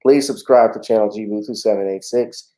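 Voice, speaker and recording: A man's voice: fairly low pitch, steady tone, a little fast, dark tone, low-quality recording. A man hosting a casual livestream talk show, chatting in a laid-back way with frequent fillers.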